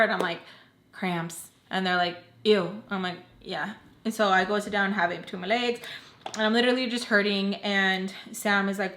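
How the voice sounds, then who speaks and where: A young woman tells a personal story straight to camera in a loose, rambling, conversational way. Her voice sits in a middle pitch and carries a noticeable roomy echo. She keeps slipping in quick snippets of what others said. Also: fairly bright tone. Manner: chatty, lots of "like", quotes others in passing. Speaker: storytime vlogger. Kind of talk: casual storytelling. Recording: echoey room.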